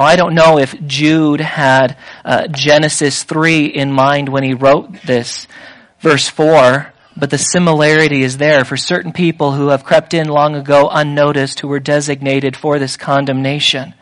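Preacher, sermon, emphatic, rhetorical questions, punchy lists, medium pitch. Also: a bit bright, low-quality recording.

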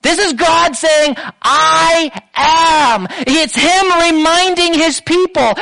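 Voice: very high-pitched, a bit bright, low-quality recording. A preacher delivering a sermon with emphatic delivery, repeating phrases and building to raised intensity.

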